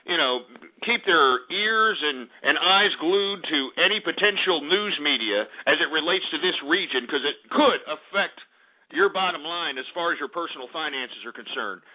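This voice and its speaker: A radio show host, a man ranting brashly through market commentary with plenty of swearing. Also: a little high. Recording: tinny phone-like radio line.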